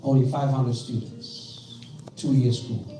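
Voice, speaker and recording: A South African man in his fifties, a pastor giving an animated storytelling talk in a museum gallery, often checking in with the audience. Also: mid-range voice, slow. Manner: animated, leads call-and-response, asks "right?" often. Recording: echoey gallery from far off with music.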